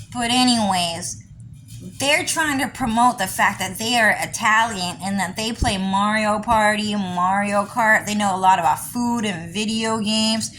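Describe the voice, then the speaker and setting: Slow, rambling woman. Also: mid-range voice, a bit bright, slight background noise, rough recording. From California. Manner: rambling, conversational, full of "you know" and "like". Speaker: diary vlogger. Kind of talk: casual monologue.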